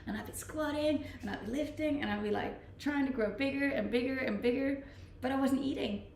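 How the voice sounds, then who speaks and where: A young streamer from Scandinavia, whose first language is Scandinavian, reads out viewer messages in a playful, casual chat full of laughter, her accent clearly Scandinavian. Her high voice is brisk and a little mellow. She records in an echoey room on Australia's Gold Coast.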